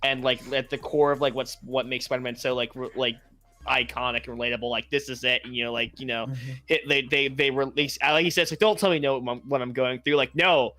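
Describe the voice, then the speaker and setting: A man's voice: mid-range voice, level tone, brisk, sharp tone, no room sound, soft background music. A man co-hosting a podcast, talking earnestly in casual chat and often restarting his words. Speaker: podcast co-host.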